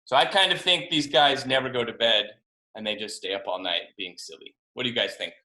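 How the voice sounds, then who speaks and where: A man, a children's author, reading his picture book aloud to first graders over a video call, expressive and asking them questions. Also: mid-range voice, brisk. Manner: animated, expressive, asks kids questions. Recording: roomy video call audio.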